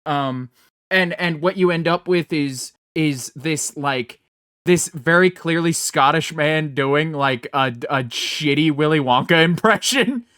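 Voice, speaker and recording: This podcast co-host talks slowly in a smooth, fairly bright, slightly high voice, recorded in a clean studio with no room sound. His casual chat rambles, with plenty of swearing and frequent laughter.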